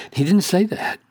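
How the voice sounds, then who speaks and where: A male preacher gives a sermon in a slow, husky voice. He presses rhetorical questions and builds to emphatic, high-pitched peaks. The recording is dry and close to the mic. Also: no room sound.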